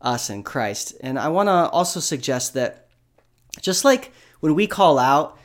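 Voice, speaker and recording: A man giving reflective, soft-spoken commentary on a scripture discussion. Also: on the high side, sing-song, measured pace. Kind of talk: video commentary.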